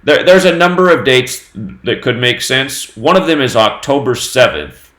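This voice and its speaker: Male host, mid-pitched voice, solo news commentary, reels off dates and number sums, roomy echo. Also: measured pace. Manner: steady running reading of dates and number sums. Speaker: host of a numerology news channel.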